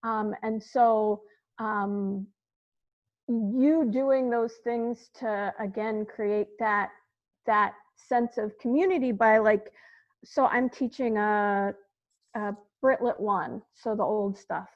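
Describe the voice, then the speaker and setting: A woman's voice: medium pitch, steady tone, slow pace, muffled recording. A woman who teaches English, talking chattily and with enthusiasm in a webinar panel discussion over a video call. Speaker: English instructor.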